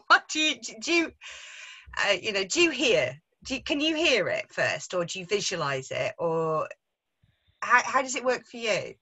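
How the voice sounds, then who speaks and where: An English woman with a Midlands accent, a writer chatting casually about her craft, self-deprecating and quick to laugh. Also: medium pitch, sing-song, pushed and bright, slightly rough, poor audio. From England. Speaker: author in conversation. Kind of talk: casual literary discussion.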